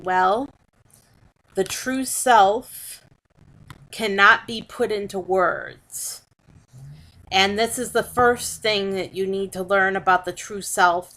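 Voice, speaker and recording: Slow, bright-voiced woman giving a spiritual talk. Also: mid-range voice, poor audio. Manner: slow and measured, repeating and restarting phrases. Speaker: spiritual teacher.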